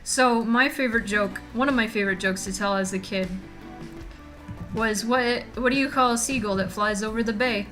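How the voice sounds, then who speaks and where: A woman streaming from home, chatting loosely and joking with her chat in a bright, clear tone. Faint music plays softly beneath her voice. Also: fairly high pitch, moderate pace.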